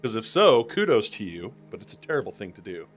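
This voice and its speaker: A man's voice: on the low side, very animated, fast talker, highs cut off, music in the background. A young adult man streaming a game live, rambling and joking with his chat as he plays. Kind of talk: casual live-stream gameplay commentary.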